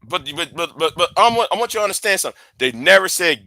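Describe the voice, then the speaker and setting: A man giving casual political commentary on a call, halting and restarting his sentences often. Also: sits high, lively intonation, creaky, pushed and bright, no room sound. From United States. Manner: halting, many repeats and restarts.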